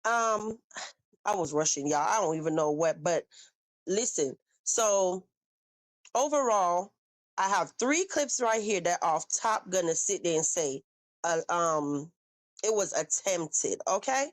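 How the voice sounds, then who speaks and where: A woman hosting a casual live reaction video, animated and talking straight to her viewers with frequent questions. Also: lowish voice, slow, no room sound. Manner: animated, asks viewers questions and reads chat aloud.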